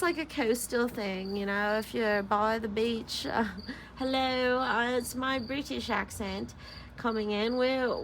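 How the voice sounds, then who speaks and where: A woman's voice: a little high, a bit bright, a little hiss or hum. A woman from Sacramento with a Californian accent, chatting casually as a tarot reader, rambling, giggling often and saying "like" constantly. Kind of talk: casual tarot-reading vlog chat.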